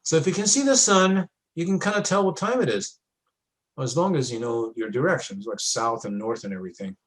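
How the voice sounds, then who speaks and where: A man's voice: medium pitch, expressive, a little fast, low-quality recording. A man teaching a class, talking students through moon and sun diagrams in a casual, step-by-step way with frequent checks. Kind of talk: classroom lab walkthrough.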